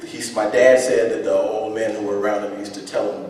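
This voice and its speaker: A man performing a live spoken-word reading on a theater stage, reflective and halting, often starting over mid-thought. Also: on the low side, level tone, darkish tone, a little hiss or hum. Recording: echoey hall from far off.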